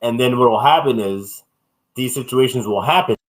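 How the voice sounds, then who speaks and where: A man's voice: mid-range voice, moderate pace, low-quality recording. A man co-hosting a casual podcast, talking bluntly and animatedly with some swearing. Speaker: podcast co-host.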